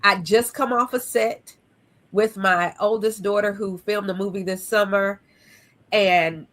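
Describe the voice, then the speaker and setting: A woman guest on an interview, a nonprofit founder, talking in an emphatic, animated way with punchy repeated phrases. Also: medium pitch, unhurried.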